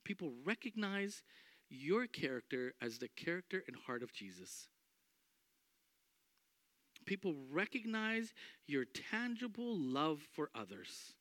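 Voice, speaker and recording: Pastor guy preaching, high voice that swoops all over, slow deliberate delivery, acts out the people in the story. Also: big pitch swings, a bit bright, dry recording. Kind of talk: sermon.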